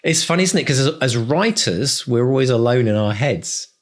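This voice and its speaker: A man's voice: medium pitch, lively intonation, moderate pace. A man co-hosting a podcast, talking in an effusive, rambling, grateful way. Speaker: podcast co-host. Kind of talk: casual podcast chat.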